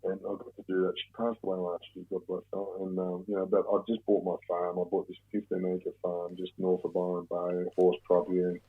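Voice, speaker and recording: A middle-aged Australian man talks quickly and rambles through his stories, swearing freely. His voice sits very low and sounds husky. It comes through a tinny phone line. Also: completely flat delivery. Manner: rambling, heavy swearing, blokey. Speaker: podcast guest. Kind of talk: casual storytelling interview.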